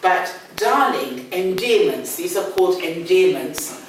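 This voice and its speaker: Older london lady teaching english, patient, lowish voice, mic far off, faint hiss. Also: expressive. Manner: patient, explains slowly, repeats key words. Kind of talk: one-on-one language lesson. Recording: echoey room, distant mic, faint noise.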